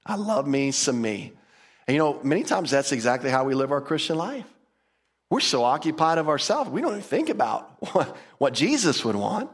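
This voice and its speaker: A man preaches in a relaxed, chatty way, slipping into playful voices for the people he quotes. His voice sits a bit on the high side for a man. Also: brisk, husky. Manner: conversational, humorous, acts out quotes. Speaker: pastor. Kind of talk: sermon.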